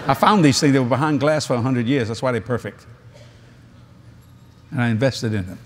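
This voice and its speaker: A man's voice: mid-range voice, brisk. A male preacher delivering a convention sermon, telling stories animatedly with laughs and asides.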